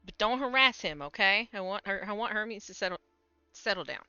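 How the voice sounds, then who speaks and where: A woman's voice: medium pitch, brisk, bright, forceful tone, clean tone, no echo. A woman streamer giving casual commentary on her gameplay, chatting to her cats and reading the game's text aloud. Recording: slightly dull home stream mic with faint game music.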